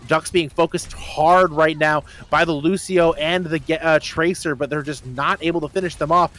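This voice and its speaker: A man's voice: fairly high pitch, steady tone, a bit bright. Man calling esports play-by-play. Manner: fast play-by-play calls, then groaning through eating spicy jelly beans. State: mouth burning from spicy jelly beans. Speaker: esports caster and host. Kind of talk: live esports play-by-play commentary.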